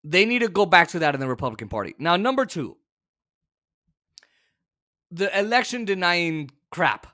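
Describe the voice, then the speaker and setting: Animated, sarcastic male political commentator. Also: sits high, normal speed, pauses often. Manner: animated, sarcastic, exasperated, shouts in bursts.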